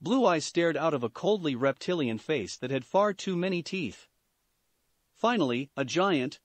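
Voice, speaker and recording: Lively-voiced man reading fan fiction. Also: a little high, moderate pace, no echo. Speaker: story reader.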